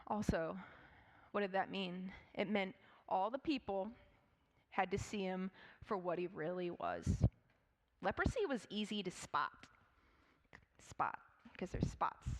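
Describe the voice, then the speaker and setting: A woman preaching a sermon in a church, telling the story in an animated, chatty way with many asides. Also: medium pitch, measured pace, pauses often. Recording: church hall with long reverb.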